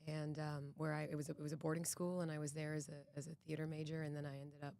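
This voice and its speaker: A woman's voice: low-pitched, little pitch movement, fast, gravelly, mellow. A woman from Boston, an actress guest on a podcast, talking in an earnest, reflective way with frequent restarts. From Boston, United States. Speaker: actress and executive producer, guest. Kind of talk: casual podcast interview.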